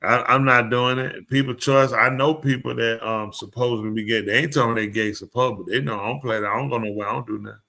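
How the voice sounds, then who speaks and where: Bright-voiced, blunt male podcast host. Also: mid-range voice, fairly even intonation, quick pace, gravelly, hardly any pauses. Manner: blunt, opinionated ranting that addresses the room. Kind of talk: casual chat. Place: live show.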